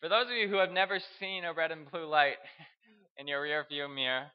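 A young man from Canada, telling a personal story in a halting way, repeating words and chuckling. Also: fairly high pitch, fairly even intonation, smooth, dull audio. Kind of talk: storytelling speech.

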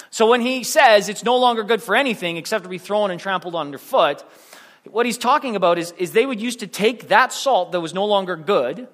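A man's voice: high-pitched, a bit bright, in a large hall. A male preacher giving a sermon in a casual, rambling way, with restarts and self-deprecating jokes.

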